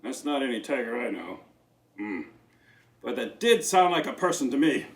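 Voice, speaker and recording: A man's voice: mid-range voice, sing-song, moderate pace, recorded from a distance, lightly acted. A man voicing a cheerful, chatty male dragon puppet on a children's show, talking in a bouncy, theatrical way. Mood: puzzled. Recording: roomy echo.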